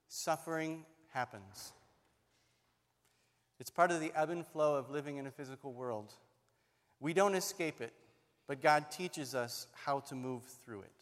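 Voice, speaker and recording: Middle-aged male pastor, high voice, dramatic sermon storyteller; church hall with long echo. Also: fairly bright tone. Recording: long reverb of a large hall.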